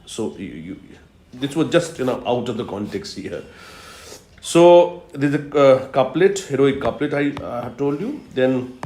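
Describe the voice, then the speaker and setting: Slow, emphatic lecturer. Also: male voice, mid-range voice, big pitch swings, mellow, a little hiss or hum. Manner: slow, emphatic teaching with repetitions and fillers. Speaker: English literature lecturer. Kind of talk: recorded video lecture. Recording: echoey room.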